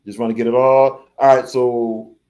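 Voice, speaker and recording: Male stream host, casual and lively, reads viewer comments aloud, repeats phrases, mid-pitched voice. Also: normal speed. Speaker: livestream host reading chat. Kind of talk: casual live reaction stream.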